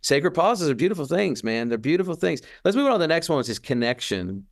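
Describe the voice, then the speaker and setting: A podcast co-host with a fairly high, creaky voice speaks quickly in a casual, reflective, earnest way. He's animated, restarts himself often, and acts out quotes.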